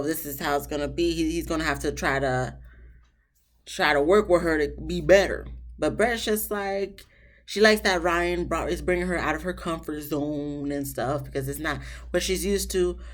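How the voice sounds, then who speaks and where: In this casual recap commentary, an opinionated woman chats about a reality TV episode, addressing the couples directly in a high, emphatic pitch. She laughs at her own asides as she goes.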